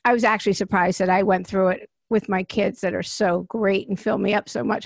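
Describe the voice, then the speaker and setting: A woman's voice: mid-range voice, gravelly, no room sound, clean studio sound. A middle-aged woman hosting a casual chat, talking animatedly and laughing often. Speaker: podcast host.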